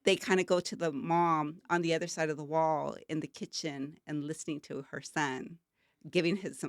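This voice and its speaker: A woman's voice: deep voice, steady tone, moderate pace, no room sound, studio quality. An older woman co-hosting a talk show, talking in an earnest, emotional and rambling way with many fillers. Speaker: co-host. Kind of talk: casual talk-show chat.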